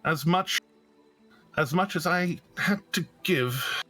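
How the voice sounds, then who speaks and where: A man voicing a male fey patron in a tabletop game, speaking higher than his narration. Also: slow, sharp tone, faint music behind, heavily acted. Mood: gracious.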